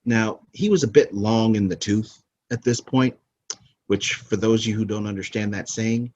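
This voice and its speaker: A man's voice: on the low side, normal speed, a little mellow, highs cut off, a little hiss or hum. A man hosting a movie countdown podcast, talking casually in a rambling, opinionated way that often corrects itself. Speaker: podcast host.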